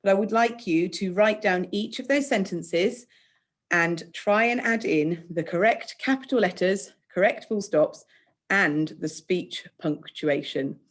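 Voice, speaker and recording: A woman with an English accent teaching children in a recorded remote lesson, speaking clearly, patiently and encouragingly. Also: mid-range voice, a little slow. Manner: clear, patient, encouraging, acts out example speech lines. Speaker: primary school teacher.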